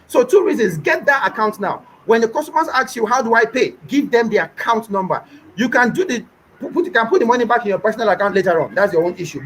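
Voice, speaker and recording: This is a young Nigerian man with a Nigerian accent, pitched high for a man. He talks emphatically in an interview, repeating his points and acting out customers' lines. A faint hiss sits under his voice. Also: a bit bright, rough recording. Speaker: business owner guest. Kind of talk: animated interview talk.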